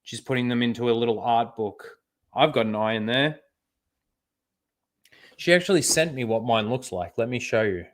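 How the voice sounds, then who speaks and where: A man's voice: mid-range voice, normal speed, long pauses. A man hosting his own channel, chatting casually and reacting to trailers, rambling with fillers and the odd swear word. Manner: rambling, swears freely, many fillers and asides. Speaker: channel host. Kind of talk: casual reaction commentary on a livestream.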